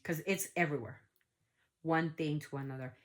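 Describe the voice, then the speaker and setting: A middle-aged woman talks straight to her viewers in a casual vlog, earnest and preachy. Her voice sits on the low side, and she circles back over her points with emphasis. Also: normal speed. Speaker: channel host, parent. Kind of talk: casual vlog talk to camera.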